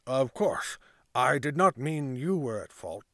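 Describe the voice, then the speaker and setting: A man's voice: mid-range voice, lively intonation, a little slow, a bit bright, no room sound, clean studio sound. A man voicing a stern male constable who speaks in grave, formal, clipped orders. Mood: hushed. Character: stern male town constable, secretly helpful.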